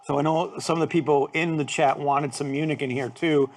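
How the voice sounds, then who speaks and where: A man co-hosting a brewing stream, his voice a bit high. He walks through the malts and their flavors in a steady, plain way, casual and unhurried. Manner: steady, explains ingredients plainly. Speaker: brewer co-host. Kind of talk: casual chat explaining brewing.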